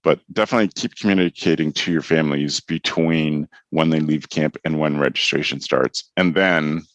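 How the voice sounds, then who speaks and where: Deep-voiced man with a dry, close sound. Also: moderate pace, no echo. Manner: candid, storytelling, mildly profane. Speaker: podcast host. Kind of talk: casual podcast chat.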